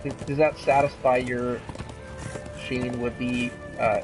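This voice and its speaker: A man's voice: medium pitch, flat delivery, measured pace, poor audio. A man streaming a video game, rambling and joking in casual commentary and easily astonished by what he sees on screen. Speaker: gaming streamer. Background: loud video game music.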